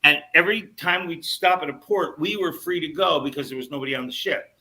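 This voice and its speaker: An older man telling a long anecdote in casual podcast chat, animated and swearing freely as he acts out what people said. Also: a little high, brisk, slight background noise, low-quality recording. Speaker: podcast guest storyteller.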